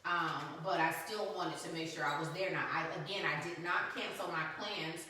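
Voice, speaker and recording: Woman, low voice, bright tone, calm, careful, distant mic, echoey room. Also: normal speed, a little hiss or hum. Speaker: co-host of live talk stream. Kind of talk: casual chat.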